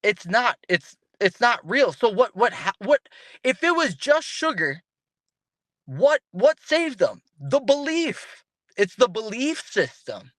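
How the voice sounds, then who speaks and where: A man guesting on an interview podcast talks in a casual, animated way, frequently restarting sentences and imitating the voices of people he quotes. His voice is very high-pitched and slow, and the recording is dry.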